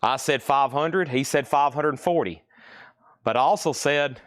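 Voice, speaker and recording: A man runs a casual live sale from his store, rattling off items and prices. He talks in a chatty, teasing way. His voice sits at a middling pitch and the sound is dry and close. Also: moderate pace, a bit bright, no room sound. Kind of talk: casual live-stream selling.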